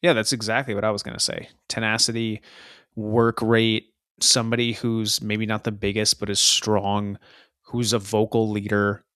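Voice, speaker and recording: Man, podcast co-host, casual explaining tone, low pitch, dry close mic. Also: flat delivery, a bit bright, clean tone, no room sound. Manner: explanatory, measured, with frequent "you know". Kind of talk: casual football chat.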